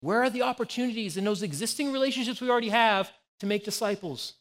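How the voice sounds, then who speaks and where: A man's voice: high-pitched, fast, in a large hall. A man in his forties, a pastor giving a conversational sermon full of personal anecdotes. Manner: conversational, anecdotal, animated storytelling.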